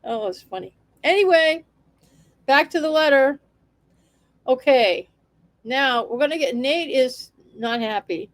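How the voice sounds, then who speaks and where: Woman vlogger, chatty, wry and sarcastic, higher voice, dry close sound. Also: lively intonation, slow pace, pauses often, dry recording, rough recording. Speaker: local news vlogger. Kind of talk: casual commentary on local town politics.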